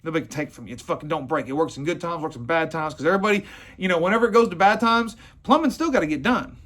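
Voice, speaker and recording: Man, high-pitched, blunt and profane business owner, rambling talk. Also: animated, fast, a bit bright. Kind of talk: casual motivational talk.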